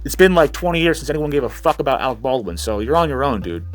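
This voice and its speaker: A man's voice: medium pitch, sing-song, fast talker, faint music behind. Profane, heated male vlogger. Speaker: commentary channel host. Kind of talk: ranting news commentary vlog.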